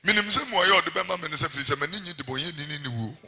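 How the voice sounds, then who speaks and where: A pastor preaching a sermon, breaking into song and then shouting as he moves between phrases. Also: on the high side, animated, rapid-fire.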